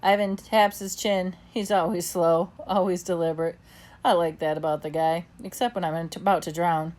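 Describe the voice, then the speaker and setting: A woman's voice: lowish voice, moderate pace. Woman reading a children's story aloud. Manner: first-person, expressive. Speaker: audiobook narrator. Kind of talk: storybook narration.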